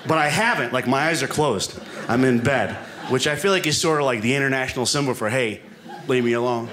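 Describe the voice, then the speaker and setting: Guy doing rambly self-deprecating standup, middle-pitched voice, club noise behind. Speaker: stand-up comedian. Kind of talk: stand-up comedy routine. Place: comedy club stage. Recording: live comedy set with room noise.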